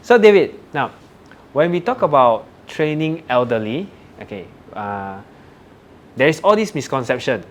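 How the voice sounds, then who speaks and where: A man's voice: medium pitch, big pitch swings, unhurried. A man hosting a podcast, asking a guest questions and often saying "okay" as a filler. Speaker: podcast host. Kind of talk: interview questions.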